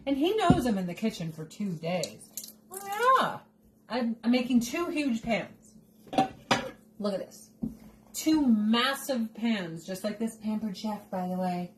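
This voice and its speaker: Brief: unhurried, rambling woman host chatting over her cooking at home, steady hiss under the voice. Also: mid-range voice. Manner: chatty, rambling, jokey asides. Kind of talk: casual cooking chat. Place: home kitchen. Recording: noticeable background noise.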